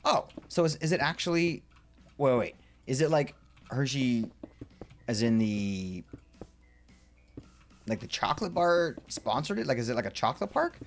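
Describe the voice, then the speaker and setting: This streamer has a mid-range voice, speaks at normal speed and pauses often as he builds in a game live. He chats casually with viewers, excitable and rambling, ranting playfully at chat and occasionally muttering to himself.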